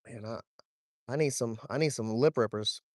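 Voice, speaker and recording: A young man, talking to his chat while wading and fishing, swearing freely and getting excited over a fish. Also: medium pitch, measured pace, dry recording, clean studio sound. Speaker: fishing vlogger. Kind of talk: casual vlog narration while wading. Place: outdoors, wading in a shallow creek.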